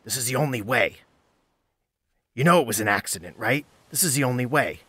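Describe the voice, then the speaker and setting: A man's voice: medium pitch, animated, fairly quick, sharp tone, breathy edge, no room sound, pitched above the performer's own voice. A man voicing a nervous, rangy teenage boy urgently persuading his friend in a tabletop game.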